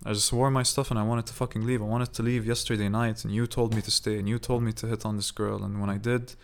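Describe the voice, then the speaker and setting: A man's voice: lowish voice, level tone, quick pace, creaky. A young man hosting his own podcast, telling a long personal story in a rambling, profane way, full of "like" and "you know". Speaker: podcast host. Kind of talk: casual monologue.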